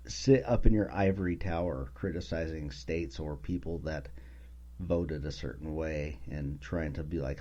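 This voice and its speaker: A man's voice: a bass voice, slow, long pauses, dark tone, lo-fi sound. A man hosting his own podcast, ranting casually with profanity, sarcasm and lots of filler words. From Utah. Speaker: podcast host.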